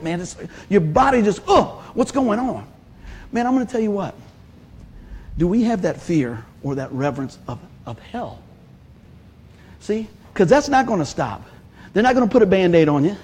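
A man's voice: high voice, husky. A man in his fifties preaching a sermon, telling stories with laughs and acting out the voices he quotes. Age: 50s. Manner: animated, laughing storyteller who acts out quotes.

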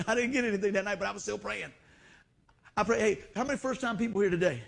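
A middle-aged pastor delivers a sermon in church. His voice sits high and carries a husky edge. He tells homespun stories and acts out the voices of people he quotes. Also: quick pace.

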